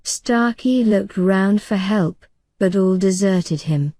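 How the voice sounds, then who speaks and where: Slow, soothing woman reading a bedtime story. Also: mid-range voice, no echo. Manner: calm, soothing. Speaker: audiobook narrator. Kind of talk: soft bedtime audiobook reading.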